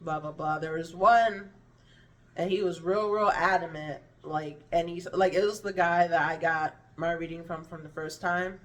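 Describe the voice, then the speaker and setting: Sitting somewhat back from a distant microphone, this woman vlogger speaks at a normal speed in a fairly low, steady voice. Hunger makes her slur slightly, and her candid storytelling to camera meanders, often trailing off and restarting, with frequent swearing.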